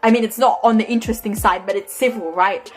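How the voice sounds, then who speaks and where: A woman's voice: a little high, fairly even intonation, fast talker, soft background music. A young woman with an Australian accent, telling a storytime tale in a chatty way and ending her lines with "right?". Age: young adult. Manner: chatty, tags nearly every sentence with "right?". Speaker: vlogger. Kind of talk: storytime narration.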